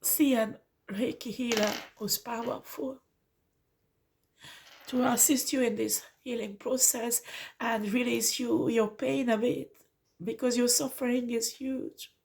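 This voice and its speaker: A woman's voice: on the high side, fairly even intonation, slow pace, creaky, darkish tone. A woman giving an earnest, pleading tarot reading to the listener, calling them honey. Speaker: tarot reader. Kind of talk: spiritual tarot reading monologue.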